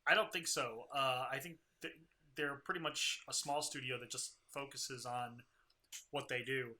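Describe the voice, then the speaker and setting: Male podcast co-host, bright forceful voice, rambling opinionated game talk. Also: medium pitch, fairly even intonation, moderate pace. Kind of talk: casual gaming podcast chat.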